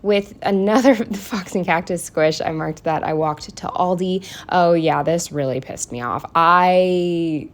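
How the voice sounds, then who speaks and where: A woman in her twenties chatting casually through her planner week, swearing freely and filling pauses with "um" and "like". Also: lowish voice. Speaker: planner vlogger. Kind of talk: casual chat.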